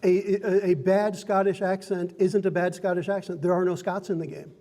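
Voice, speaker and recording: A man's voice: high voice, level tone, moderate pace, in a large hall, noisy background. A man acting as game master, explaining how to play a tabletop role-playing game in an upbeat, chatty way that often breaks into laughter. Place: card and game shop.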